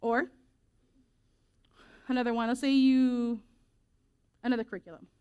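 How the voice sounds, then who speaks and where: A woman speaking to teenagers in a casual, lively youth group talk, reading scripture and acting out quick quoted voices. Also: on the high side, clear, resonant tone, lo-fi sound.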